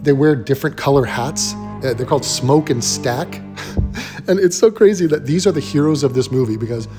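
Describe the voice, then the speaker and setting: A man's voice: mid-range voice, animated, normal speed, over music. A man hosting a ranting film commentary, blunt, sarcastic and full of profanity. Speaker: commentary host.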